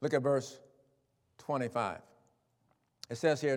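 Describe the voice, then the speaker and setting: A male preacher with a high voice talks straight to his listeners in a folksy, conversational sermon. His voice carries a long reverb, and he sinks low for quiet asides. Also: lively intonation, moderate pace, pauses often. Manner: conversational, direct address to listeners. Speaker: pastor.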